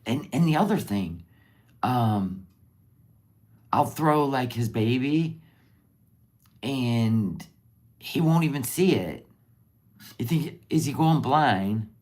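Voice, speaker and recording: A middle-aged woman with a very low voice chats casually on a livestream. She speaks slowly and unhurriedly, often trailing off mid-thought. Her talk is tender, rambling and openly emotional. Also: animated, darkish tone. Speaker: livestream host.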